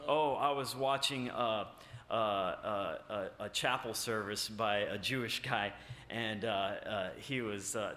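Male preacher, halting and emphatic, bright tone, roomy church sound. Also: medium pitch, slight background noise. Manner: halting, many filler sounds and restarts; emphatic, rising on key points. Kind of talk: sermon with scripture reading. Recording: echoey room.

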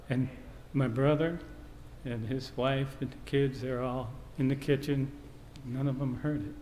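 A man's voice: mid-range voice, steady tone, unhurried, darkish tone. A man preaching a sermon, telling a family story and quoting scripture in an earnest way. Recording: reverberant hall, faint background noise.

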